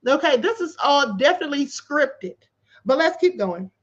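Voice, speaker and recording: A high-voiced woman hosts a livestream, reading from a court filing and breaking in with sarcastic, disbelieving commentary. Her pitch swings widely as she talks. The audio is dull and lo-fi. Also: sing-song, normal speed. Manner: incredulous and sarcastic, laughing in disbelief. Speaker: livestream host. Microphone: livestream setup.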